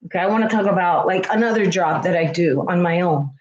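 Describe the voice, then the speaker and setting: A woman's voice: lowish voice, quick pace, echoey room, dull audio. A woman schoolteacher chatting earnestly with her viewers, heartfelt and repeating herself for emphasis. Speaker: schoolteacher and vlogger. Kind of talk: casual livestream chat with viewers.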